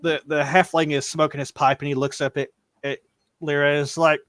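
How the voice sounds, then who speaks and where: A man narrating a tabletop game as game master, halting, with many restarts and fillers. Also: a little high, little pitch movement, fairly bright tone, no room sound.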